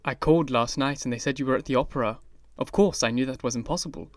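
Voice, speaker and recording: A man's voice: medium pitch, fast, no echo, lightly acted. A man reading the part of an earnest older painter in an audiobook, grave and pleading. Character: grave, anguished male painter friend.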